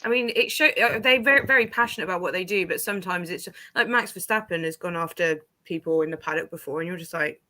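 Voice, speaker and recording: Bright, excitable young woman chatting. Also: on the low side, fast talker, hardly any pauses. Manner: excitable, laughs easily, swears. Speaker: livestream co-host. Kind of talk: casual chat.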